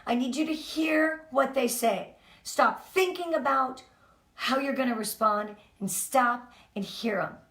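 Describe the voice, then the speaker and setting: Energetic woman coaching a sales team. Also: sits high, a little slow. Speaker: team leader. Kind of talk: motivational team talk. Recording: echoey room.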